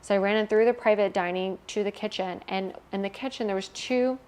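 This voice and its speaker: A woman's voice: mid-range voice, fairly quick, darkish tone. A young adult woman, an interview guest, telling a painful personal story candidly and emotionally, swearing freely.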